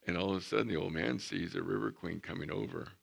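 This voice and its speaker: A man's voice: low voice, steady tone, fast, gravelly. A man preaching a sermon as pastor, earnest and emphatic.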